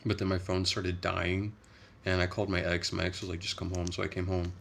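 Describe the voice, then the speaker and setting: A young man chats casually on a livestream, rambling along in a soft, low-key way. His voice sits very low with a gravelly fry, and a faint hiss of noise runs underneath. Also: completely flat delivery, brisk. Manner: soft-spoken, rambling, chatty. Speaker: livestream host.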